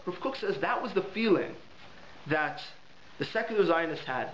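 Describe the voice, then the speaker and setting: A rabbi teaching a holiday Torah lesson, telling stories with animated emphasis and repeated words. His voice sits high for a man and echoes in the room. The recording is dull and lo-fi, with a faint hiss behind it. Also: brisk.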